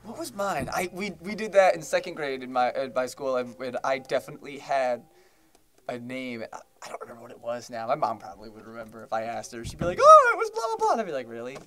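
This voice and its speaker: A young man co-hosting a podcast chats casually in a medium-pitched, steady voice, talking fast. He rambles with lots of fillers and restarts and laughs often.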